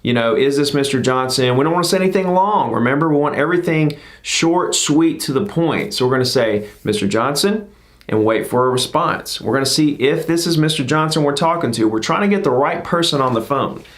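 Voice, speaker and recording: A man's voice: fairly high pitch, lively intonation, fairly quick, hardly any pauses. Upbeat man coaching on sales calls. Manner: upbeat, emphatic, repeats "okay?" often. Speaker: real estate coach. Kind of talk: instructional talk to camera.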